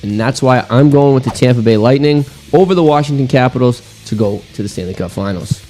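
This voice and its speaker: A man, a hockey blogger guest, giving a low-key, deadpan sports prediction. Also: fairly quick, soft background music.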